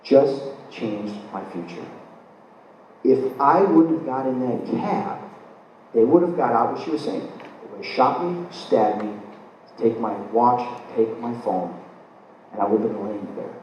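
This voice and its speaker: Male lecturer, live talk, animated storyteller who acts out the dialogue, distant mic in a very echoey room. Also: medium pitch, a little slow, lo-fi sound. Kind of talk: live spiritual lecture, personal anecdote. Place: event hall, recorded from the audience. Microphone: distant camera mic. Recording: echoey hall, distant mic, faint hiss.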